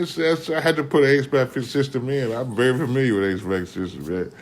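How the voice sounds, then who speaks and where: A man telling a casual story in an animated, slangy way, often restarting mid-sentence and tossing in "man.". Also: mid-range voice, brisk, hardly any pauses.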